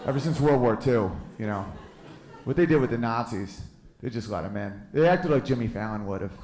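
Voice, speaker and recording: A man's voice: mid-range voice, expressive, fairly quick, a little mellow. List: man, stand-up comedian, brash and profane, echoey club stage. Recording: roomy club echo.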